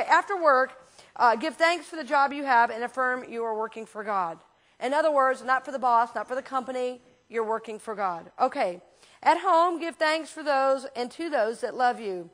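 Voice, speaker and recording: A woman minister teaching a class in a church, talking casually and telling lively anecdotes with frequent restarts. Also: high-pitched, normal speed. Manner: chatty, animated storyteller with frequent restarts.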